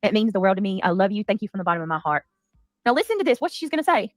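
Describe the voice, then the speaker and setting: A woman's voice: mid-range voice, very animated, very fast, dry recording, soft background music. Woman, livestream host, indignant commentary, dry sound. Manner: indignant, defensive, emphatic.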